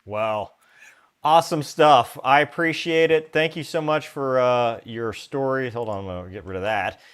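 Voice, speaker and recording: A man's voice: mid-range voice, moderate pace, fairly bright tone, clean tone. A man hosting a live interview show over a video call, enthusiastic and casual. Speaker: podcast host.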